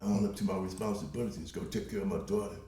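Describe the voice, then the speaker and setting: A man in his sixties from Compton, a podcast guest telling stories in a casual, profane, animated way and laughing often. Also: sits low, racing. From Compton, Los Angeles. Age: 60s. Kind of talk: casual storytelling. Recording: roomy echo.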